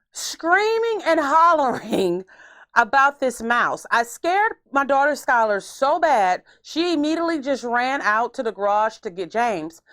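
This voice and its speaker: A woman's voice: sits high, no echo, studio quality. A woman hosting a podcast, telling stories in a casual, theatrical way. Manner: animated, theatrical storyteller. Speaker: podcast host. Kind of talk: casual storytelling chat.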